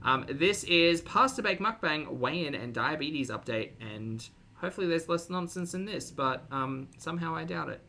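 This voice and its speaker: A woman's voice: deep voice, animated, normal speed, pushed and bright, slight background noise. A woman streamer reacting to videos with sarcastic, mocking commentary.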